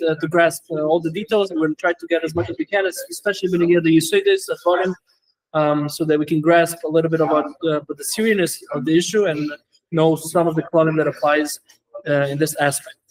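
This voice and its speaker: A rabbi in his classroom works through a legal topic for his students, moving fast and stumbling through fillers and restarts. His voice sits a little high for a man. Hebrew and Yiddish terms run all through his English. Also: rough recording. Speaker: rabbi teaching a Torah class. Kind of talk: lecture.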